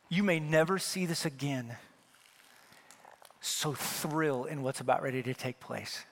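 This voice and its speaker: A man's voice: on the high side, a little slow, fairly bright tone. A middle-aged male pastor from Wyoming preaching a sermon, telling a story and acting out the dialogue with rising emphasis.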